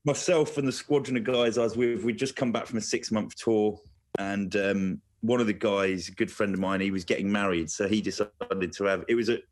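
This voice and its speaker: Male radio guest, low-ish voice, lively anecdotal teller. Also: brisk. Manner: animated storyteller, chuckling through fillers.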